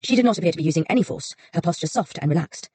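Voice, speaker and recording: Low, husky woman narrating an audiobook. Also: animated, racing, darkish tone, no echo.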